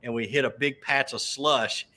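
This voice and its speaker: A man from the American South tells fishing-trip stories in a relaxed chat. He laughs often and tells them with energy, in a middle-pitched voice. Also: moderate pace. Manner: laughing, animated storyteller. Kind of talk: casual chat.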